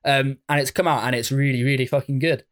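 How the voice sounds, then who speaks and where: A man's voice: mid-range voice, steady tone, fast, fairly bright tone. A man from England co-hosting a podcast, chatting casually and enthusiastically, rambling with fillers and swearing. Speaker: podcast co-host. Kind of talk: casual chat.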